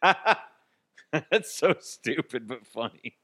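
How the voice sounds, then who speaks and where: A man hosting a comedy podcast, riffing on listener stories in a casual, profane, animated way. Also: medium pitch, extremely slow, no room sound, studio quality. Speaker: podcast host.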